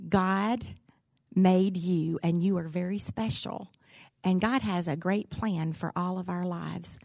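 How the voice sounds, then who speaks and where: A woman's voice: fairly low pitch, vocal fry, darkish tone, no room sound, clean studio sound. A middle-aged woman giving a sermon, telling a personal story and asking the room direct questions. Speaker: speaker at a church gathering.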